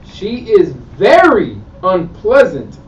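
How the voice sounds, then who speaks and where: A man reading scripture aloud slowly and steadily during a Bible study. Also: high voice, wildly swooping pitch, slight background noise. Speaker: scripture reader. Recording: echoey lo-fi room recording from a distance.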